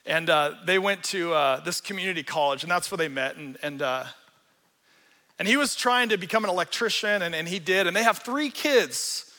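A man preaches an animated, joking sermon, acting out the people in his stories. His voice sits high and sounds bright and forceful. The sound carries the long reverb of a church hall. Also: normal speed. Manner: animated, joking, acts out quotes. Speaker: pastor. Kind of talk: sermon with storytelling.

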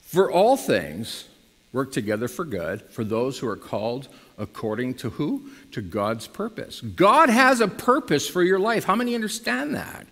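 A man preaching a sermon to his congregation in lively style, now and then rising to loud emphatic bursts. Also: mid-range voice, a little slow, in a large hall. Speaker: pastor.

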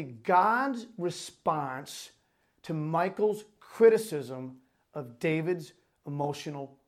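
High-voiced male pastor preaching. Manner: reads scripture aloud, then explains it in casual, animated talk. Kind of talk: sermon.

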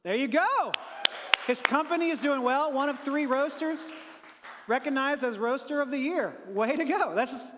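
A pastor giving an energetic, conversational sermon and talking with his congregation in a church. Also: extremely high pitch, moderate pace, long reverb tail, a little hiss or hum.

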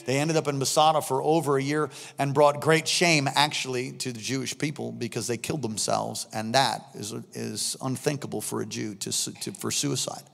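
A man in his fifties, a pastor preaching a sermon in church, animated and prone to acting out scenes with sudden shouts. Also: mid-range voice, moderate pace, vocal fry, hardly any pauses. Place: church sanctuary. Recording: long reverb of a large hall.

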